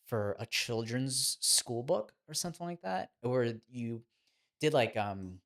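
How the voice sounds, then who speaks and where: Animated man telling stories. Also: medium pitch, a little slow. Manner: animated, chatty, laughs as he tells stories. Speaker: guest, former child actor turned boxing trainer. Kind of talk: casual podcast storytelling.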